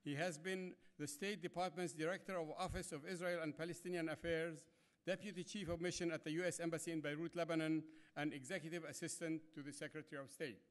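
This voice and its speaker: A man formally introduces a speaker in a ballroom, measured and a bit hesitant. His voice sits somewhat high for a man. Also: steady tone. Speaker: organization president introducing a speaker.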